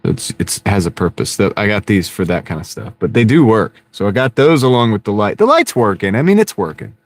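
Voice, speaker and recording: A man's voice: fairly low pitch, expressive, a little fast. A man hosting a casual live stream from his car, rambling and joking with viewers, often breaking into laughter, on a wireless clip-on mic. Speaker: livestream host chatting with viewers. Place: inside a car. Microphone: wireless clip-on microphone.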